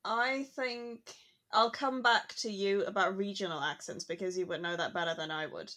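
A woman's voice: medium pitch, moderate pace, bright, forceful tone. Casual co-host: woman, conversational, reflective, easy laughter. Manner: chatty, reflective, laughs easily. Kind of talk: casual chat.

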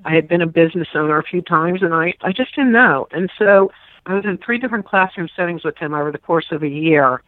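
A woman's voice: on the low side, fast talker, dry recording. Talkative middle-aged woman, tinny dry sound. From Pittsburgh, United States. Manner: emotional, talkative, lots of restarts. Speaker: guest, author and former caregiver. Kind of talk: casual interview conversation.

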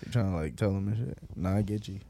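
A man's voice: deep voice, fast, vocal fry, warm tone. A man co-hosting a casual podcast, reacting in a laid-back way. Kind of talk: casual chat.

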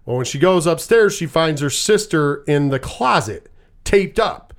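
A man with a slightly raised pitch talks through a movie plot in a loose, casual chat. He curses often and rambles, acting out the characters' lines as he goes. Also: lively intonation, unhurried. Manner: profane, rambling storyteller.

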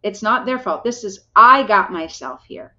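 A woman's voice: medium pitch, expressive, moderate pace, bright, forceful tone. Earnest middle-aged woman, muffled audio. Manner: earnest and heartfelt, with frequent restarts. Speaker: podcast guest. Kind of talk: personal storytelling in a podcast interview.

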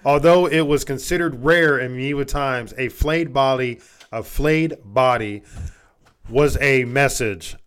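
A man's voice: medium pitch, measured pace, a bit bright, clean tone. A man co-hosting a casual podcast, reading notes aloud, stumbling over words and swearing freely. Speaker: podcast co-host.

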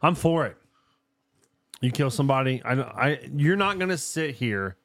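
A man's voice: medium pitch, lively intonation, normal speed, a bit bright, dry recording, clean studio sound. Profane man hosting a podcast. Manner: profane, storytelling, laughs often. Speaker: podcast host. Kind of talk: casual podcast banter.

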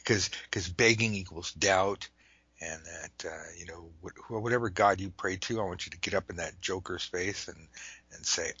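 Male podcast host, low husky voice, dry close sound, animated with whispered asides. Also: normal speed, no room sound, lo-fi sound. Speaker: podcast host and tarot teacher. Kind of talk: ranting podcast talk. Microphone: internet call microphone.

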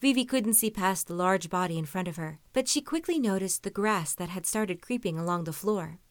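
A woman narrating a story in an even, measured reading voice. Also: medium pitch, no echo. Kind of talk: audiobook-style story reading.

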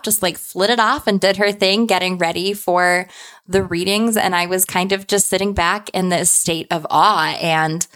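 Woman, lower register, chatty storyteller who keeps checking in with "right?". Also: fairly bright tone. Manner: chatty, tags lines with "like" and "right?". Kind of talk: casual personal anecdote.

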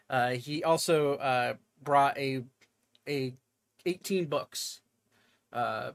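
A man narrating a tabletop role-playing game as game master, recapping events with many pauses, filler sounds and restarts. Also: mid-range voice, a bit bright.

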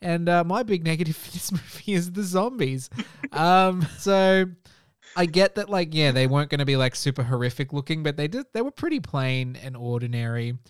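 A man with a slightly high, smooth and resonant voice hosts a casual movie-review chat. He rambles through long run-on explanations, steering the conversation along. The sound is close and dry, with no room echo. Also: expressive, moderate pace. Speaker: podcast host.

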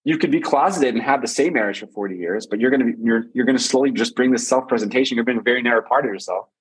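A man talking as a guest on a conversational show, giving relationship advice through lively personal stories and repeated phrases. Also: medium pitch, rapid-fire, husky, poor audio. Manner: animated storytelling with repeated phrases.

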